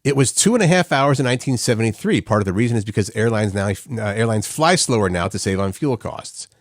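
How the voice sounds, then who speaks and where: A man co-hosting a morning show, joking his way through a list of fun facts. His pitch swings around a lot, and the recording is close and dry. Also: lively intonation, fast talker, no room sound. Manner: joking, reads facts aloud with playful asides. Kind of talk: casual morning radio banter.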